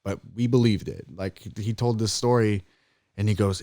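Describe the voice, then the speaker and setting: A young man co-hosting a podcast, telling a funny spooky story in casual chat, often jumping high and loud when he acts out scared voices. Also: fairly even intonation, moderate pace, dry recording, clean studio sound. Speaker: podcast co-host.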